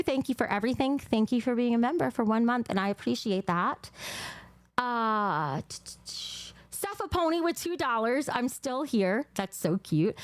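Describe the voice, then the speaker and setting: Jersey-accent woman streamer, high lively voice, dry close sound, cursing and chatty. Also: dry recording. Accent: New Jersey. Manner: blunt and profane, then gushing over donations. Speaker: livestream host. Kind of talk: casual livestream chat.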